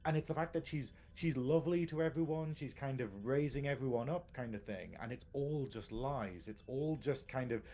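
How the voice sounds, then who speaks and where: A man's voice: mid-range voice, warm tone, a little hiss or hum. A man co-hosting a casual live podcast, rambling and restarting his sentences, laughing often. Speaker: podcast co-host.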